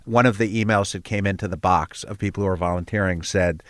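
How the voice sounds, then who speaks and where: A man's voice: deep voice, steady tone, fast, a bit bright, dry recording. An older man, the head of a nonprofit, telling stories earnestly in an interview, with fillers and restarts. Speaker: guest, head of a storytelling nonprofit. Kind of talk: conversational interview.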